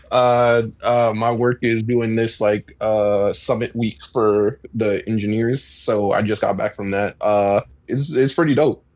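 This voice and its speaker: A man joining a stream as a guest, chatting in a relaxed, hesitant way with many fillers. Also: fairly low pitch, slow pace. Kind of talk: casual chat.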